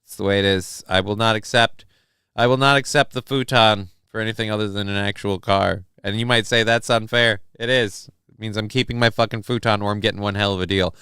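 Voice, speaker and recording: A young man rants sarcastically through a live chat show, swearing freely. His voice is smooth and clear, and it sits dry and close on the mic. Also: lowish voice, steady tone, brisk, pushed and bright, dry recording. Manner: profane, sarcastic, ranting. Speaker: livestream host reading chat. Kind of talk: crude casual streamer chat.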